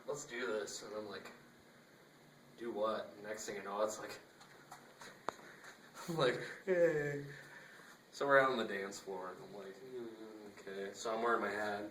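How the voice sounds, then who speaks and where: A man's voice: on the low side, a bit bright, slight background noise. A young man casually telling a rambling story, acting out the dialogue and laughing often, recorded on a phone. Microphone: phone camera. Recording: echoey phone recording from a distance.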